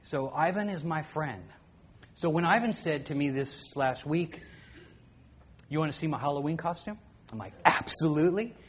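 Soft-spoken middle-aged man telling a story. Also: fairly high pitch, normal speed, pauses often, slightly rough. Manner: conversational, often dropping to a quiet soft voice. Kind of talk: personal storytelling to an audience.

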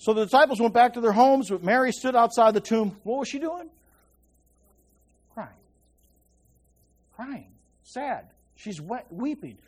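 A male preacher gives an informal, chatty Bible teaching at an unhurried pace with long pauses. His pitch rises and falls in lively swings as he keeps checking that listeners are following, sinking to a hush at key points.

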